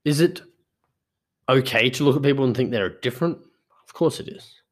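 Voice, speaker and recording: A man's voice: mid-range voice, normal speed. Casually swearing podcast host, a man. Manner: swearing, rambling storyteller. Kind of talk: casual monologue.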